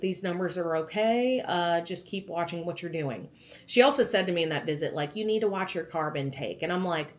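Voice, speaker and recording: A pregnant young woman vlogging casually, animatedly retelling a doctor's visit and acting out the quotes. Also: fairly low pitch. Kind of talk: casual storytelling vlog.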